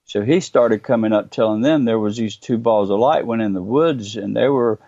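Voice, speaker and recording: A man with a low, gravelly voice earnestly tells his own story as a radio guest, stopping and restarting as he goes. His tone is dark and mellow. The sound is dull and lo-fi. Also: normal speed, no echo. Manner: earnest, vivid storytelling with hesitations. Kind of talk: recounting a personal experience.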